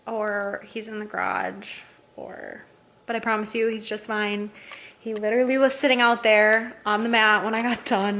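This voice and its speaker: A woman's voice: medium pitch, creaky, a bit bright, a little hiss or hum. A young pregnant woman chatting casually in a vlog, rambling and self-deprecating. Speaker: vlogger.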